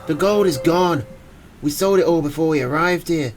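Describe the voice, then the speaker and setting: A man's voice: fairly high pitch, moderate pace, slight background noise, pitched above the performer's own voice, lightly acted, poor audio. A man voicing a guilt-ridden young Irish immigrant, pleading breathlessly in an Irish accent. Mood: anguished pleading. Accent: put-on Irish.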